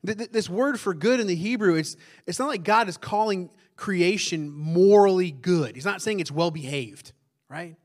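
A male pastor, preaching in a loud, conversational way that keeps asking the congregation questions and drops into hushed tones for emphasis. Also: high voice, moderate pace. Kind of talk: conversational sermon.

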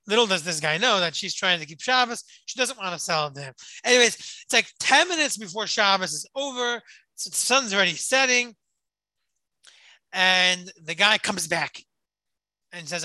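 A man giving a Torah lesson and telling a story, pausing and repeating words often. His voice is piercingly bright. The recording is dry and close. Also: high-pitched, expressive, dry recording, poor audio. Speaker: Torah teacher.

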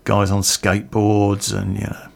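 A man's voice: on the low side, completely flat delivery, measured pace, creaky. A middle-aged man telling a personal story in a casual, rambling way, swearing freely.

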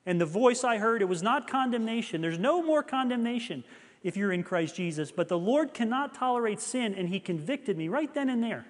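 A man's voice: sits high, expressive, fairly quick, in a large hall. A middle-aged man preaching a sermon, telling a personal story in an earnest, confessional way.

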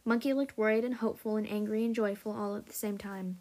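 Woman, podcast host, reads a story aloud, steady even narration. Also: mid-range voice, fast talker, hardly any pauses.

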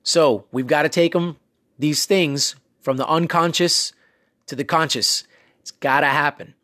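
A man's voice: fairly high pitch, a little slow, pushed and bright, no room sound, studio quality. A man hosting a casual motivational talk, coaching listeners in a conversational way with many fillers and asides. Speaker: self-improvement podcast host.

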